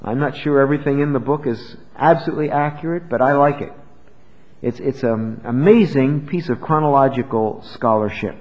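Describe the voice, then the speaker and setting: An older man preaching a sermon as pastor, expressive and rising to loud, emphatic peaks. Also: medium pitch, moderate pace. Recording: dull lo-fi church recording with long reverb.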